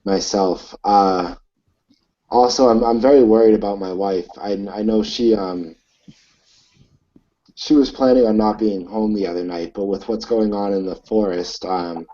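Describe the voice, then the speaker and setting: Man, in-character tabletop player, slow and halting, mellow tone, lo-fi recording. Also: on the low side, fairly even intonation. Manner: hesitant, halting with many fillers. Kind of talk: in-character tabletop role-play. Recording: dull lo-fi recording.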